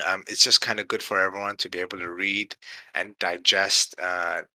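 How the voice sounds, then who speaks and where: A man's voice: deep voice, bright, forceful tone, no room sound, low-quality recording. A tired man hosting a casual community call, rambling with many fillers and tags like "right?". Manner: rambling, heavy fillers, tired late-night tone. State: tired, yawning. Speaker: community host. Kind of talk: casual livestream chat.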